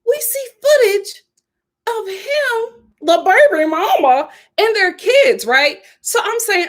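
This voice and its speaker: A sassy woman riffing on a reality show in a casual video review. Her high voice is emphatic and full of laughing asides. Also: big pitch swings, takes it slowly.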